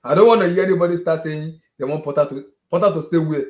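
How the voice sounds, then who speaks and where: A man's voice: a little high, fast, hardly any pauses, darkish tone, roomy sound. A man ranting as a furious football fan, exasperated and repeating himself over and over. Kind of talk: heated fan rant on a video hangout.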